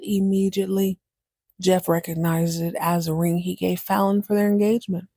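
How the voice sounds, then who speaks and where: A woman's voice: on the low side, flat delivery, normal speed, dark tone, no room sound, clean studio sound. A woman hosting a podcast, recapping a TV drama in casual, sassy commentary and breaking into exaggerated voices.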